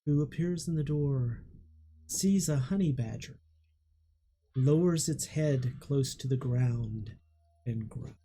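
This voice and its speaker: A game master narrating a tabletop role-playing game with slow, deliberate storytelling. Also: mid-range voice, dark tone, slightly rough.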